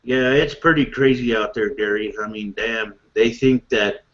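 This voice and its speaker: A man's voice: mid-range voice, normal speed, fairly bright tone. A laid-back man chatting casually on an online podcast, swearing and laughing easily. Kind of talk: casual chat. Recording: lo-fi online call audio.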